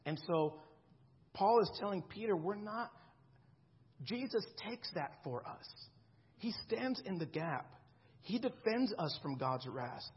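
A man's voice: high voice, animated, slow pace, lo-fi sound, a little hiss or hum. A man in his thirties preaching a sermon in a conversational way, often checking in with the congregation. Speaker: pastor.

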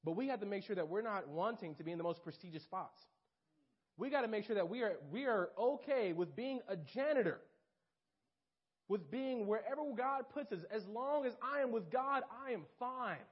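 A young man giving a casual storytelling sermon to a church group, animated and full of fillers. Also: high voice, moderate pace, slightly rough. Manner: animated and casual, lots of fillers and acted-out quotes. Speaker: campus minister speaking to a church group. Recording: dull lo-fi recording.

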